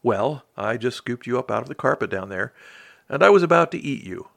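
A man voicing a gentle, wise bird that speaks in a soothing, thoughtful way. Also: mid-range voice, animated, a little fast, vocal fry.

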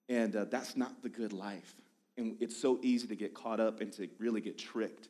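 A lead pastor in his thirties preaches to his church in a low-pitched voice. He talks casually, wanders into tangents and pokes fun at himself, so the sermon feels like a friendly chat. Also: fairly even intonation, moderate pace, warm tone. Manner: joking, tangent-prone, self-deprecating. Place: church sanctuary.

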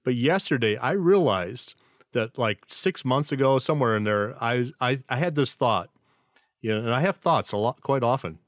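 A man's voice: medium pitch, animated, normal speed, no room sound, clean studio sound. A man hosting a casual podcast chat, joking and rambling with self-mocking asides. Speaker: podcast host.

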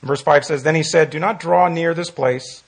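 Man, bible study teaching, gravelly, husky, earnest, repeats for emphasis. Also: fairly high pitch, fairly even intonation, moderate pace. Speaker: pastor leading Bible study.

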